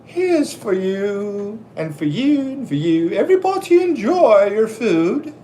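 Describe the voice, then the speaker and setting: A doting elderly nanny lady, voiced by a man in falsetto, speaking slowly and fussily as she offers food around. The voice sits well above a man's own range and drawls each phrase. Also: big pitch swings, dark tone, a little hiss or hum. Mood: fussy. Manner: high, slow, fussy motherly falsetto. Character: kindly elderly Scottish-style nanny lady from film.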